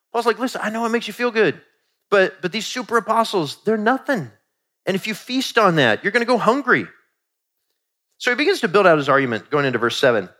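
A middle-aged man preaching a sermon in a conversational, animated way, acting out quoted asides. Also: sits high. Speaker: pastor.

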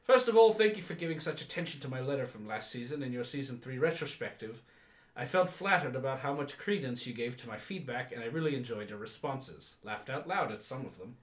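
A man's voice: mid-range voice, expressive, brisk, reverberant, close to an everyday voice. A man reading out a listener's email in a put-on English accent, voicing a polite, wordy male listener. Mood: courteous. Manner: formal, articulate letter-writer.

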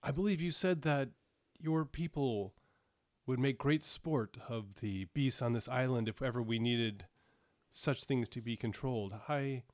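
A man's voice: medium pitch, a little mellow, dry recording, clean studio sound, close to an everyday voice. A man doing an imperious giant king. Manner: grand, formal, commanding speech. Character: imperious male giant monarch, once depressed. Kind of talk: tabletop role-play.

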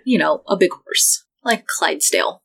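A woman's voice: on the low side, expressive, moderate pace, vocal fry, fairly bright tone, husky, low-quality recording. A woman narrating a tabletop horror game as game master, with dry asides. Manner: descriptive storytelling, dry asides.

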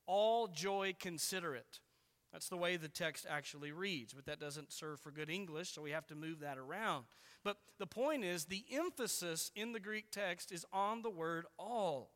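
A man preaching a sermon, earnest and deliberate, slowing down to stress key words. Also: sits high, fairly bright tone. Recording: long reverb of a large hall.

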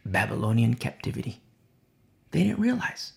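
Emphatic preacher, lively pitch. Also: male voice, moderate pace, creaky. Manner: emphatic and repetitive, with rhetorical questions. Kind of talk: sermon.

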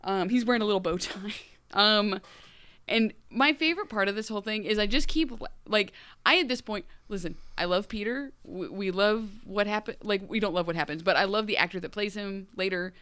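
A woman's voice: medium pitch, fairly quick, fairly bright tone, clear, resonant tone. A woman in her late thirties, co-hosting a casual book club chat, rambling and laughing often. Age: 30s. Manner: rambling, laughs often, puts on voices for quotes. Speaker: podcast co-host.

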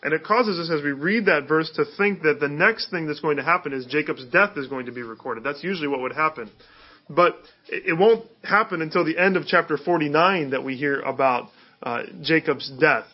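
A man's voice: on the high side, fairly quick, husky, highs cut off. A male pastor preaching a sermon in an easygoing, conversational way, with fillers and restarts.

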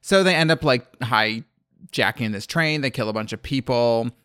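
A man's voice: mid-range voice, normal speed, fairly bright tone, clean tone, dry recording, clean studio sound. A man from the American South casually recapping a movie as a podcast co-host, rambling and laughing often. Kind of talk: casual chat.

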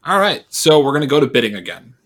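Animated American guy running a tabletop game. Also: a little high, quick pace. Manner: animated, laughs often. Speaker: game master.

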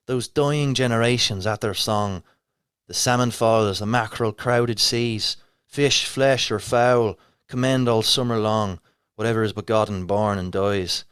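A man's voice: medium pitch, smooth, no room sound, studio quality, voice pushed up, close to an everyday voice. A man putting on a broad Dublin reciter. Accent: put-on Dublin.

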